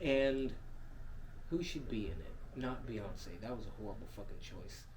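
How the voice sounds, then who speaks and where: A man co-hosting a podcast in crude casual chat, cursing and laughing often, swinging between loud and soft. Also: fairly low pitch, lively intonation, measured pace, noisy background. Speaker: podcast co-host.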